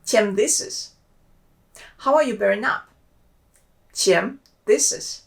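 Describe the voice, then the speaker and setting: A woman with a Russian accent, a native Russian speaker, teaching a language lesson and slowly repeating each example phrase. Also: medium pitch, lively intonation, gravelly. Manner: slow careful repetition of example phrases.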